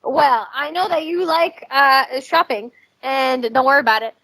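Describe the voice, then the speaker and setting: Fast-talking young woman in casual chat. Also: high-pitched, creaky, fairly bright tone. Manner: swears freely, laughs often, rambling and quick. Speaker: podcast co-host.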